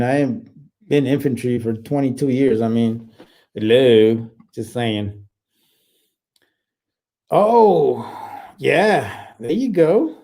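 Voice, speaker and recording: A man in his forties hosts a relaxed live chat and answers viewers as he goes. His voice sits a little high and sounds mellow. He curses constantly and rambles through lots of fillers and false starts. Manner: laid-back and profane, rambling with many fillers and restarts. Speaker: livestream host and Army veteran.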